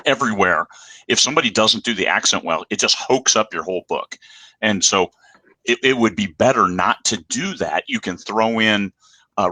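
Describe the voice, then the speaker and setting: A man's voice: on the low side, pushed and bright, dry recording. A middle-aged man hosting a casual talk show, speaking candidly with many restarts. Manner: candid, rambling, self-deprecating. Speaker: podcast host. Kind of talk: casual chat.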